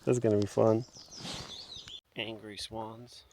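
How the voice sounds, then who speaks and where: A long-distance hiker vlogs his walk along a lochside trail, rambling casually in a relaxed way with lots of fillers. His voice is lowish and his pace slow. He talks into a small body-worn mic that his gear keeps knocking, so the recording has loud outdoor noise and thumping.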